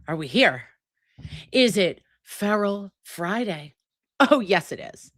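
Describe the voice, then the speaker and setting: A woman's voice: medium pitch, very animated, slow, fairly bright tone. A woman hosting a casual livestream chat, brassy, profane and dramatic while recovering from a sinus and ear infection. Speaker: livestream host.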